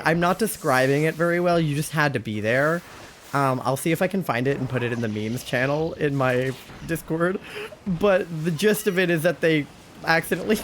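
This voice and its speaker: This is casual live-stream chat from a young adult Twitch streamer whose sickness makes them sound off from normal. The mid-range voice comes with slight background noise, and the talk wanders, peppered with giggles and fillers.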